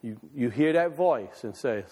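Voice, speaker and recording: A man preaching a sermon to his congregation, folksy and conversational, swinging between loud and quiet. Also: mid-range voice, expressive, unhurried, slightly rough, big-room sound. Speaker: pastor. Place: church sanctuary.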